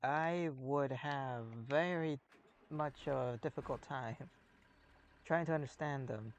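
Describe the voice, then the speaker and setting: A man's voice: mid-range voice, takes it slowly, highs cut off. A man streaming a game, chatting casually in a rambling, musing, self-mocking way. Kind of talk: casual gameplay chat.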